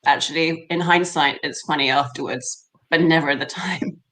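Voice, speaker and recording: A woman's voice: low voice, moderate pace, bright, forceful tone. A British woman, an actress, chatting animatedly in an interview with many fillers and laughs. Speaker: actress, guest. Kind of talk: casual interview chat.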